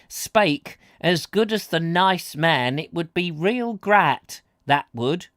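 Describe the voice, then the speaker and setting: A man's voice: on the high side, lively intonation, takes it slowly, fairly bright tone, no room sound, studio quality, voice pushed up. A man voicing a chatty, proud old countryman with a broad rural drawl, in a live storybook reading. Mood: earnest.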